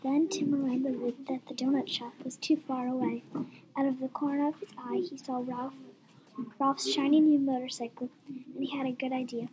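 High-voiced young woman reader, lively delivery, noisy room. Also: moderate pace. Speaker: story reader. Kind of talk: reading a story aloud.

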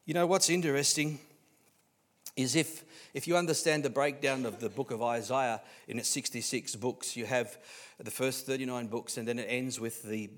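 Man, Australian accent, pastor, sermon, emphatic, quiet to loud swings, frequent restarts. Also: mid-range voice. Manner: restarts and repeats words often. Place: church.

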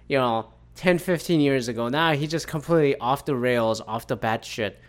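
A man's voice: mid-range voice, moderate pace, hardly any pauses. A man ranting casually about celebrity news, rambling and swearing often, with many fillers and restarts.

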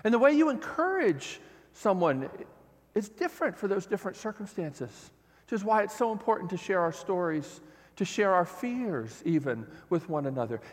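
A man preaching an earnest, animated sermon as a pastor. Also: high voice. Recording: long hall reverb.

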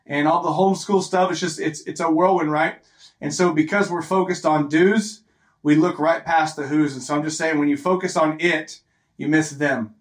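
A man's voice: a little high, fairly even intonation, normal speed. A man in his thirties preaching a sermon in a conversational, earnest way, often repeating phrases for emphasis. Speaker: pastor. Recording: echoey room.

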